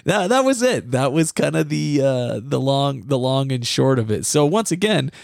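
A middle-aged man from the US Midwest, co-hosting a parenting podcast and telling a self-deprecating childhood story in a casual, animated way. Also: medium pitch, moderate pace, vocal fry, no room sound, clean studio sound.

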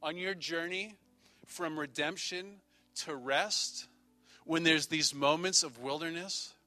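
A man's voice: on the high side, slow, bright, forceful tone, no room sound, soft background music. A man preaching a sermon as pastor, speaking in repetitive, rhythmic phrases.

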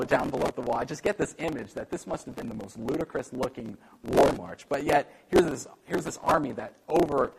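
A man preaching a sermon in an animated way, acting out the voices he quotes and joking about himself. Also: mid-range voice, vocal fry, rough recording. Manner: animated, acts out quoted voices, self-deprecating humor. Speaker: pastor.

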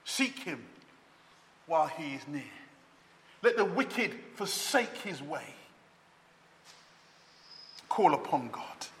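A man preaching a sermon with dramatic swings between loud calls and soft, low lines. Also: very animated, slow pace, pauses often. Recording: long hall reverb.

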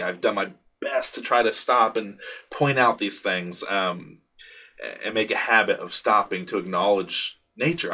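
A man's voice: on the low side, bright, forceful tone, slightly rough. A young man hosting a podcast, telling a rambling, candid story in a casual monologue and swearing freely. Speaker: podcast host.

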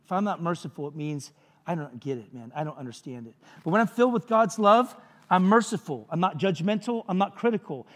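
A man's voice: high voice, lively intonation, brisk, in a large hall. A man preaching a sermon as pastor, conversational and jokey, with frequent asides to the congregation.

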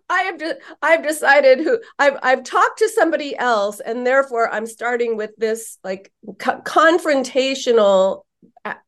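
Animated, emphatic woman therapist. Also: high voice. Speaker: psychotherapist. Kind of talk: storytelling in a podcast interview.

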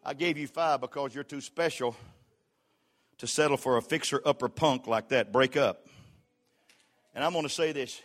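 An older man preaching a sermon as a pastor. He is folksy and humorous, and he swings from shouted exhortation to quiet storytelling. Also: mid-range voice, moderate pace, pauses often.

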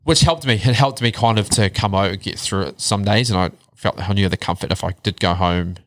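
Thirties New man, low-pitched and candid, swears casually, dry close mic. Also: brisk, no echo. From New Zealand. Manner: candid storytelling, swears freely, drops to a low murmur on hard parts. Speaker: guest. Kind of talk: casual chat.

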